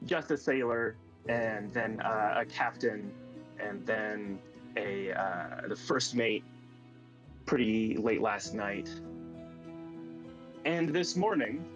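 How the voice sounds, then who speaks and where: A man's voice: fairly low pitch, highs cut off, over music. A man narrating as game master of a streamed tabletop game, stopping often with fillers and restarts. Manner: halting, many fillers and restarts.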